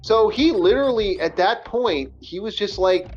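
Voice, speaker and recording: A man's voice: high voice, lively intonation, normal speed, few pauses, dull audio, soft background music. A man hosting a casual podcast, telling a story in a rambling way with many restarts. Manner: rambling, repeats words. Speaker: podcast host.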